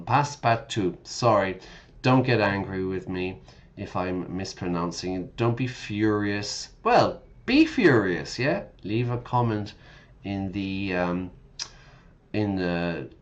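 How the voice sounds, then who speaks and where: A man with a fairly low voice and an unhurried, drawn-out delivery, talking casually as an English teacher on a game stream. He chats, corrects himself and stops to explain words. The audio is slightly dull and lo-fi.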